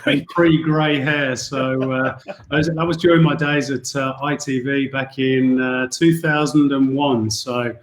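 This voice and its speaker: A man talking easily as a guest on a podcast, relaxed and a little self-deprecating. His voice sits in a middle pitch. The sound is roomy with noticeable echo. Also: a little slow, a little hiss or hum. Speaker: guest, football commentator. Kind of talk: casual podcast interview.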